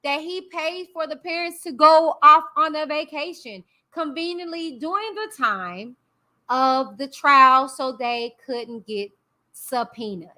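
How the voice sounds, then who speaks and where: High bright-voiced woman vlogger. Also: a little slow. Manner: chatty, addresses viewers directly, slangy asides. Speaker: YouTube commentary host. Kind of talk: casual commentary reading a court document aloud.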